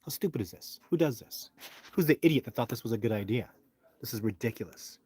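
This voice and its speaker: A man's voice: medium pitch, lively intonation, fast, a little mellow, husky. A man hosting his own live stream, talking casually and complaining in a frustrated, rambling way into a phone held close.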